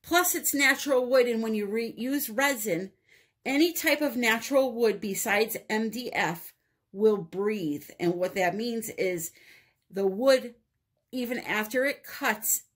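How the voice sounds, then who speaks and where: A woman's voice: a little high, unhurried. A woman with a New England accent hosting a casual resin art tutorial, chatty and upbeat, laughing at herself. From northeastern United States. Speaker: resin art channel host.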